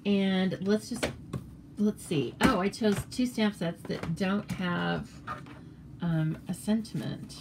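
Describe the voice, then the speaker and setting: A woman's voice: medium pitch, takes it slowly, creaky, background noise. An American woman demonstrating papercraft cards in a casual, chatty tutorial, rambling with fillers and self-corrections.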